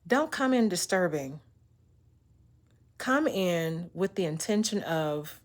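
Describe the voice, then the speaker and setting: A woman's voice: medium pitch, big pitch swings, measured pace, long pauses. A woman vlogger talking casually to camera, blunt and emphatic, often doubling words as she gets fired up. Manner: blunt, emphatic, exasperated ranting; repeats words when fired up. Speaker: vlogger giving relationship talk.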